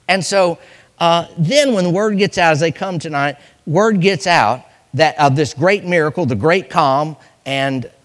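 Man preaching a sermon, bright and forceful tone, slightly high voice, dramatic delivery. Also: big-room sound. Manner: dramatic, swinging from loud cries to hushed lines.

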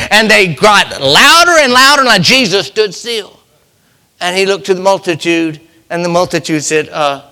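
Male preacher, fairly high, bright and forceful, dramatic loud-soft swings in church. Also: expressive, normal speed, big-room sound. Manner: preaching with sudden swings from loud cries to hushed near-whispers. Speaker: pastor. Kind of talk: sermon.

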